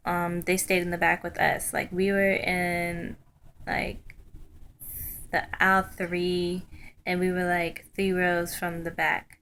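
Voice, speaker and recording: A young woman tells a story to a webcam in a chatty, excited way, full of ums and likes. Her voice is bright and forward. A faint hiss sits under the recording. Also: fairly low pitch. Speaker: vlogger. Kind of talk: casual storytelling vlog.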